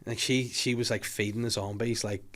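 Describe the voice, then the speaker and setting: A man, hosting a casual podcast chat and retelling scenes with lively acted-out voices. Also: fairly low pitch, normal speed. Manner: animated storyteller acting out scenes. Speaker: podcast host.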